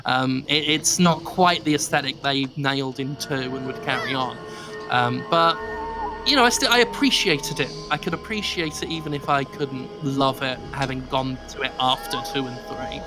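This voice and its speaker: A man's voice: medium pitch, normal speed, music in the background. A young English man chatting casually as a stream guest, rambling and self-deprecating with many restarts. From England.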